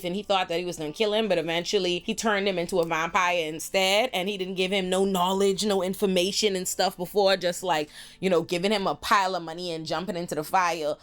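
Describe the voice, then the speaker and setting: A woman recapping a TV show in casual, profane, animated speech, slipping into mocking voices for the characters. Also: lowish voice. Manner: animated, profane, mimics characters in quoted bits. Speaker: pop culture commentator.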